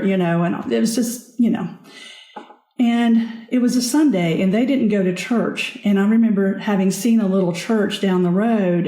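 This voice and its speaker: A woman guest on a podcast, telling her own story in an earnest, halting way with frequent restarts. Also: mid-range voice, warm tone. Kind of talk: candid personal storytelling. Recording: echoey room.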